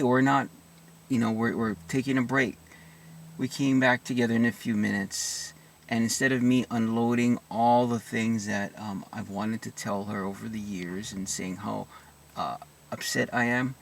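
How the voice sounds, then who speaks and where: A man speaking in a slow, halting way, often restarting his sentences as he works through personal experiences. His voice sits at an ordinary middle pitch. He is set a little back from the microphone. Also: gravelly, distant mic. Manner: halting, full of restarts and soft asides. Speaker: vlogger sharing personal experience. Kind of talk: reflective personal monologue.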